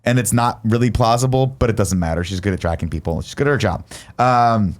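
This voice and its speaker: A man co-hosting a podcast, giving a rapid, animated recap of a film and acting out the characters' lines as he goes. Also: lowish voice. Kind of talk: casual chat.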